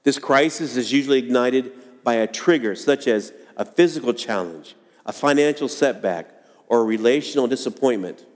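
A man preaching a sermon to a congregation, earnest and dramatic, acting out quoted lines with pauses. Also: medium pitch. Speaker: pastor. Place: church sanctuary. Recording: long hall reverb.

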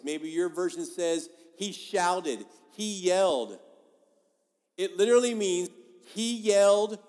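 Man preaching in a reverberant hall. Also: fairly high pitch. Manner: conversational, emphatic preaching that swings between loud and soft. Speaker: pastor. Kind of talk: sermon. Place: church sanctuary. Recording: long reverb of a large hall.

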